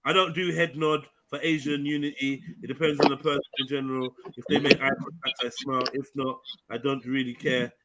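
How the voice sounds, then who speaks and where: A man's voice: medium pitch, little pitch movement, a little fast, hardly any pauses, noisy background. A man hosting an open panel, talking animatedly and breaking into laughs and quoted voices. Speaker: host. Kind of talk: casual chat.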